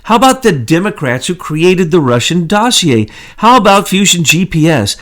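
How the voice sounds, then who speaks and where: A man's voice: high-pitched, sing-song, moderate pace, a bit bright. Indignant man firing rhetorical questions. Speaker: co-host. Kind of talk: political commentary chat.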